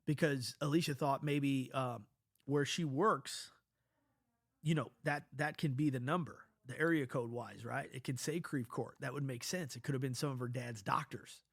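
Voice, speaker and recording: A man's voice: medium pitch, normal speed, gravelly, dry recording, studio quality. A man with a stuffy nose telling a personal story in a casual, rambling way, swearing often and restarting his sentences. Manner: profane, rambling, animated, with many restarts. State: stuffy from a cold.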